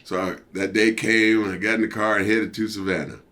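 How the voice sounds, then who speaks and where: An older man, a former wrestler, telling a story as an interview guest in a casual, animated way and acting out what others said. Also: on the low side, a little fast. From United States. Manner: animated, acts out quoted voices.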